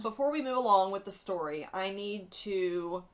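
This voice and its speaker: A woman's voice: mid-range voice, moderate pace. A young adult woman, talking casually and candidly while doing her makeup, swearing freely as she tells a story. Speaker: beauty vlogger. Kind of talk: chatty get-ready-with-me storytelling.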